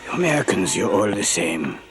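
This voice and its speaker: An actor playing a sinister Nazi interrogator who speaks low and menacing. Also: male voice, very animated, fairly quick, over music. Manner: low, menacing, drops to a whisper. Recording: film clip under loud orchestral score.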